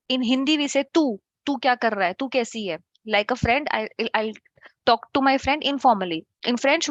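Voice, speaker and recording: A woman's voice: fairly high pitch, fairly bright tone, no echo, dull audio. A woman teaching an online French class, chatty and checking in with her students.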